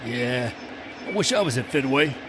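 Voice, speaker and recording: A man's voice: medium pitch, expressive, moderate pace, noisy background, natural voice. A man playing a laid-back male baseball fan, easygoing and slangy.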